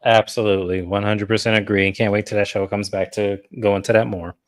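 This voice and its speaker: A woman's voice: rumbling low, fast talker. A woman giving a casual, profane recap of a reality TV episode, telling the story with energy and acting out cast members' lines. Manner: animated storytelling with swearing. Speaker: podcast co-host.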